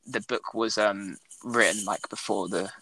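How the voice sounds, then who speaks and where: A man's voice: fairly low pitch, steady tone, measured pace, vocal fry, pushed and bright, rough recording. A young man in casual chat, laughing often and rambling with restarts.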